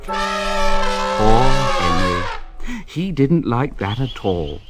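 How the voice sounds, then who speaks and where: A man reading a children's storybook aloud in an expressive, unhurried way. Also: mid-range voice. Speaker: reader.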